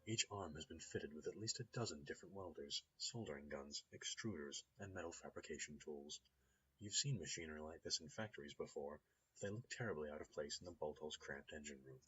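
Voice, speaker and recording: Deep-voiced man narrating a story game. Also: lively intonation, fairly quick, sharp tone. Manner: reads descriptive text aloud, upbeat asides. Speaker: gamer playing and reading a story game. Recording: slightly dull lo-fi recording with faint noise.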